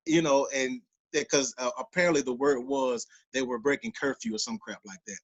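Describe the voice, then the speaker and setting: A man, co-hosting a podcast and telling a personal story in a casual, animated way, loudly acting out the voices of the people he quotes. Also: mid-range voice, fairly quick, few pauses, low-quality recording. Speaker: podcast co-host.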